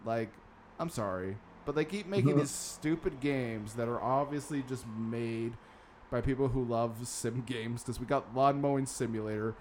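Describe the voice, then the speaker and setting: A man's voice: medium pitch, moderate pace, darkish tone, a little hiss or hum. A man hosting a casual gaming news podcast, sarcastic and swearing now and then. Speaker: podcast host.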